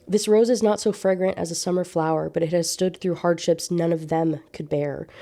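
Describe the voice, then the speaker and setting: A woman recapping a classic novel in a chatty, gushing way, jumping up in pitch to quote the characters and reading passages aloud. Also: dark tone. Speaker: book reviewer. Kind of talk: casual book recap with read-aloud passages.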